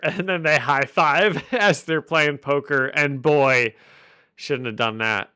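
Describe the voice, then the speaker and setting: A man's voice: on the high side, measured pace, pushed and bright, clear, resonant tone, no room sound, clean studio sound. A man hosting a podcast, casually recapping a comic with jokes and frequent laughs. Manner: jokey, laughs often while recapping. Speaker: podcast host. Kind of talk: casual chat.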